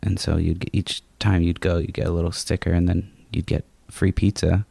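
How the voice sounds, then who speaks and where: Young male co-host, deep and gravelly, relaxed casual chat, dry sound. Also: fairly quick, no echo. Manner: laid-back, swears a lot. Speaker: podcast co-host. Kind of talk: casual chat while smoking.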